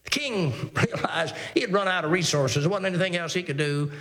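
A man preaching a sermon, reading scripture in a measured cadence and driving points home with repeated phrases and rhetorical questions. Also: high-pitched, lively intonation, a bit bright, big-room sound.

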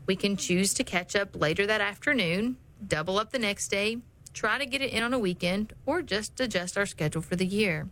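Calm reassuring middle-aged woman. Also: medium pitch, a little fast, a little hiss or hum, low-quality recording. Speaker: homeschooling mother. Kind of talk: scripted advice talk.

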